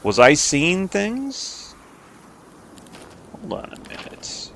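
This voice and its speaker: A man's voice: sits high, huge pitch swings, very slow, heavy background noise. A man giving casual commentary over his own strategy game, chatty and self-mocking, thinking aloud and making playful silly noises. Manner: playful silly noises and repeated sound effects. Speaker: game streamer.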